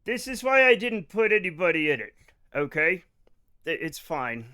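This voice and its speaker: A male streamer with a high, bright, clean voice talks at a moderate pace through a live game session. He chats with viewers and bursts into loud, excited greetings and exclamations.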